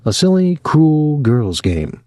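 Guy doing a scared fragile young woman, breathless and pleading, higher voice, dry close sound. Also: very animated, slow, mellow, no echo. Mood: defensive.

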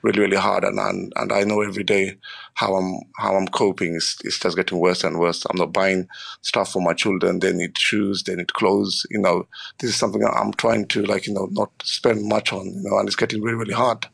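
Low gravelly halting working father. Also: flat delivery, fairly bright tone. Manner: halting, repeats words, many "you know" fillers. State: emotional, strained. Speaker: interviewee, working parent. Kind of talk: emotional radio interview.

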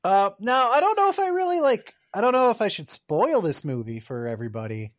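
A man's voice: high-pitched, sing-song, fairly quick. A man co-hosting a podcast, recapping a film plot in a rambling, filler-heavy casual chat. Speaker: podcast co-host reviewing a film.

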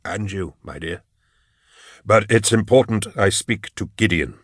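A man playing a weary old male inquisitor in an audiobook, speaking low, hushed and measured. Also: slightly rough, no room sound, clean studio sound. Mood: grave.

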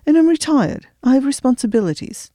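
A woman's voice: high-pitched, animated, fairly quick, dark tone, no echo, clean studio sound, voice pushed up. A woman voicing a frustrated middle-aged man, a retired recovery agent who talks tersely and with exasperation. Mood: guarded.

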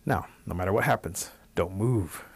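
A man's voice: deep voice, husky. A man voicing a sly, scheming male rabbit trickster in a spoken folk tale. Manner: quick, coaxing, scheming.

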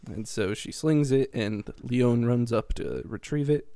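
Gravelly man casually recapping a game. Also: mid-range voice, takes it slowly, dark tone. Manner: rambling, chuckling plot recap with mock voices. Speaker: podcast co-host recapping a game. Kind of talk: casual chat.

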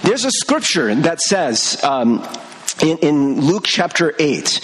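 A young male pastor giving a sermon in an animated, conversational way, laughing between points and talking straight to the congregation. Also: a little high, slow pace, a little hiss or hum.

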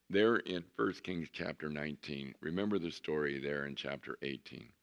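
A man's voice: sits low, creaky. A man preaching a sermon as pastor, telling stories conversationally and stretching out words for emphasis. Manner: conversational storytelling, drawn-out emphasis.

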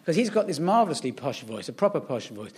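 A man's voice: fairly high pitch, very animated, quick pace, husky. A man on a comedy panel, ranting in a mocking way and mimicking posh voices. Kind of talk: comic rant.

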